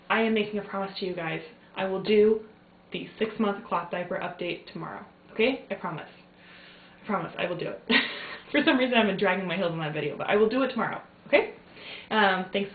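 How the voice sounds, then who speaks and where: Chatty young mom, tinny echoey audio. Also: female voice, medium pitch, moderate pace, a little hiss or hum. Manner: chatty, rambling with many fillers. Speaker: vlogger, new mother. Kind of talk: casual chat to camera. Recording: tinny lo-fi phone-like sound in echoey room.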